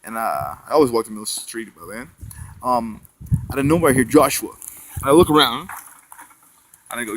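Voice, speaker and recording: A man's voice: medium pitch, lively intonation, fairly quick, pauses often, a bit bright, rough recording. A man telling a long personal story in a meandering monologue, swearing often and leaning on fillers and tag questions. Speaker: storyteller recounting spiritual experiences.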